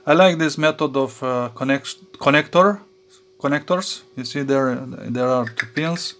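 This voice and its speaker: A man's voice: mid-range voice, fairly bright tone. A man talking through a soldering job at his workbench, with lots of fillers and restarts. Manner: halting, many fillers and restarts, chuckles to himself. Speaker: electronics hobby vlogger. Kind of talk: casual workbench commentary.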